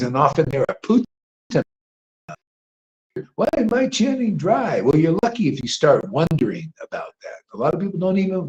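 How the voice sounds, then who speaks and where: A man giving an informal devotional sermon, rambling and emphatic, dropping to hushed asides and rising to loud outbursts, with slangy "man" and "you know" throughout. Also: a little high, poor audio. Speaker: devotional teacher leading a chanting gathering.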